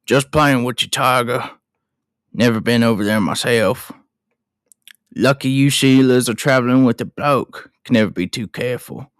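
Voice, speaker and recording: A man voicing a rough-edged middle-aged Australian bushman, attempting an Australian accent and chuckling through folksy slang. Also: mid-range voice, normal speed, no echo, clean studio sound, close to an everyday voice. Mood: jovial.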